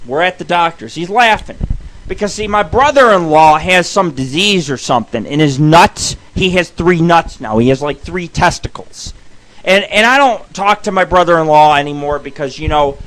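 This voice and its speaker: A high-voiced man rambles through a crude, profanity-laden story, his voice bright and cutting. He is a radio host riffing off the cuff, jumping into loud shouted bursts and back. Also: expressive, moderate pace.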